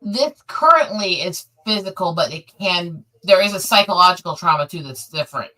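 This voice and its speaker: A woman's voice: on the low side, expressive, moderate pace, bright, forceful tone, poor audio. A woman in casual chat who talks bluntly and emphatically and swears freely.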